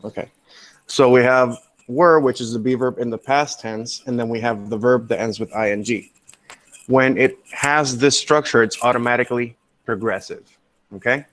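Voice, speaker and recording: Male English teacher, online lecture over a computer mic, patient, explanatory, mid-pitched. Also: steady tone, moderate pace, fairly bright tone. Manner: patient, explanatory, keeps checking with "okay?". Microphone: computer mic on a video call.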